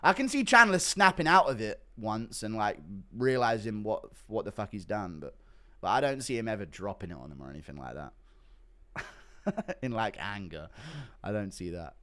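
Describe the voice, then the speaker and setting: A man's voice: fairly low pitch, big pitch swings, normal speed, sharp tone. A man casually chatting on a livestream, profane and laughing often while reacting to donations.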